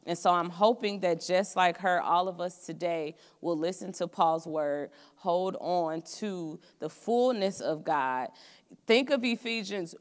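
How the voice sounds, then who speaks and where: A young woman gives an earnest student sermon with a lower voice and an easy, conversational telling of her own stories. The sound carries the long reverb of a college chapel. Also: a little slow. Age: young adult. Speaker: student preacher.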